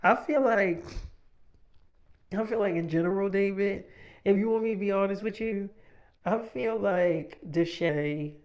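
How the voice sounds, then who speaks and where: A man's voice: high voice, a little slow, pauses often. A man voicing his girlfriend as a frank, foul-mouthed young woman in casual storytime narration, close to his own voice. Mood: blunt. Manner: frank, profane, dismissive.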